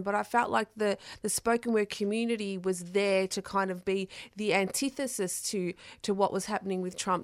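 A woman's voice: mid-range voice, fairly bright tone, no echo, studio quality. A woman poet being interviewed on the radio, talking hesitantly with many fillers and restarts. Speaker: poet guest. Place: radio studio. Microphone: studio microphone.

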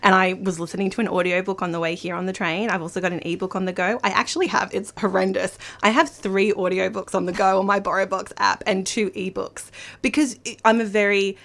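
A woman's voice: mid-range voice, fairly even intonation, a little fast, fairly bright tone. A woman with an Australian accent, an author and literary agent talking enthusiastically as a radio guest. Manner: chatty, enthusiastic. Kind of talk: casual radio interview.

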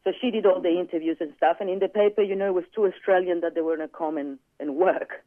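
A man telling a personal story in casual chat, animated and acting out the quoted dialogue. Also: high-pitched, fast, no room sound. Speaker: guest. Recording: tinny phone-line sound, dry.

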